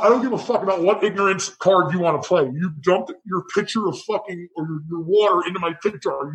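Male bartender, high voice, profane animated storyteller. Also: brisk, hardly any pauses, rough recording. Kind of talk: casual storytelling chat.

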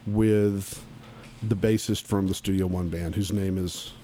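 A man's voice: deep voice, fairly even intonation, a little slow, warm tone, slight background noise. A man being interviewed on a podcast, telling stories from his youth bluntly and emphatically, with frequent restarts. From Oklahoma. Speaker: guest musician. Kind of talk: casual podcast interview storytelling.

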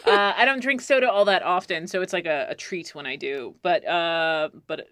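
A young woman hosting a podcast, chatting casually, often laughing and acting out quoted lines in high voices. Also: normal speed, fairly bright tone, no room sound, studio quality. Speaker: podcast host. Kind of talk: casual chat.

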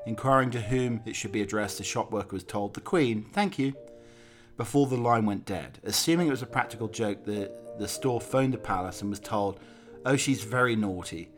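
A man reading a scripted documentary narration in a measured, anecdotal storytelling way. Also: fairly low pitch.

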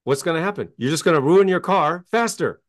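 A man's voice: fairly high pitch, brisk. A man, a success coach and author, talking as a guest in an interview, telling stories emphatically and acting out quotes. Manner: emphatic, animated storytelling with acted-out quotes.

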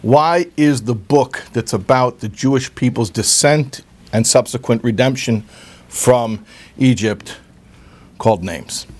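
A man in the middle of a religious talk, telling a moving story with earnest care. He stumbles and repeats words now and then, with a voice of ordinary male pitch. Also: slow, darkish tone. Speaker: speaker giving a religious talk.

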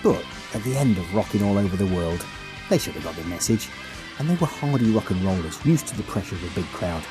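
A man's voice: on the low side, animated, fast. A man hosting a podcast, mixing casual chat with wry, opinionated scripted narration. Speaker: podcast host. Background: music.

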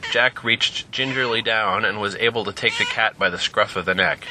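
A man narrating a scripted story in an expressive, lively way. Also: on the low side, normal speed, hardly any pauses, a little hiss or hum. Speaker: narrator and podcast host.

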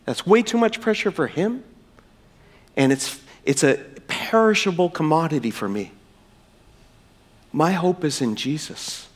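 Earnest middle-aged male pastor, slightly high voice. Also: animated, measured pace, pauses often. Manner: earnest, storytelling, addresses listeners as friends. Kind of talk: sermon with personal story and closing prayer. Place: church.

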